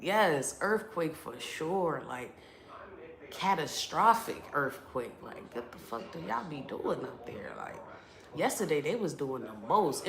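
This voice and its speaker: A young adult woman streaming from her apartment, chatting with viewers in an animated, profane, playfully complaining way. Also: low-pitched, measured pace. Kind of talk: casual live-stream chat. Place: apartment room indoors. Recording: echoey room.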